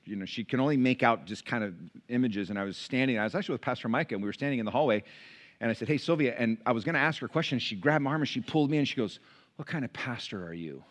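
In a mid-range voice that races along, a male pastor preaches from the pulpit. He tells animated stories in the church sanctuary and acts out the quoted voices, all on a pulpit mic.

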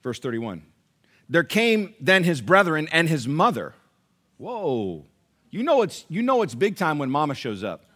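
Male pastor preaching with a lively, swooping delivery and a fairly high voice. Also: unhurried. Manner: animated, asks the congregation questions. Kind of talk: sermon.

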